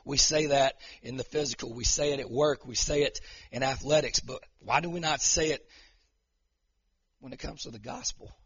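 Man, pastor, fervent emotional sermon, husky voice, muffled lo-fi sound. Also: mid-range voice, normal speed, fairly bright tone. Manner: emotional, fervent preaching that swells into declarations.

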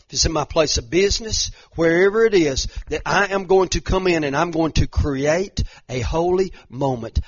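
A man preaching a sermon, dropping to a hushed storytelling voice and then building to loud, rising exhortation. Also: a little high, breathy edge, no echo. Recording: muffled, lo-fi sound.

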